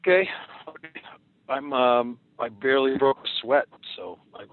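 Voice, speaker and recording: A man's voice: medium pitch, a little slow, narrow, tinny audio. A man co-hosting a casual podcast, easygoing and teasing in tone. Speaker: podcast co-host.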